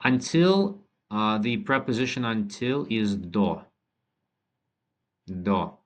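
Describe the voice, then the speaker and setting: Male language tutor, lowish voice, relaxed and unscripted, stops and restarts mid-sentence. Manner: thinks aloud with many ums and restarts, slow model sentences. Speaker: language teacher. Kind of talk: relaxed spoken lesson.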